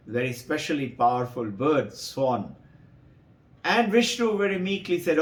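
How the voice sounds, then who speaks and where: Slow, roomy-sounding male storyteller. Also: mid-range voice. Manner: animated storytelling, acting out voices. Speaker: spiritual teacher. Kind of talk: storytelling talk for devotees.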